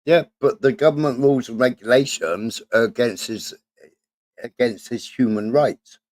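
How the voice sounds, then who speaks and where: A man's voice: medium pitch, normal speed, darkish tone, no echo. A man hosting a casual live-stream debate, repeating himself and tagging lines with "right" and "yeah". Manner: repetitive, keeps adding "right" and "yeah". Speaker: stream host.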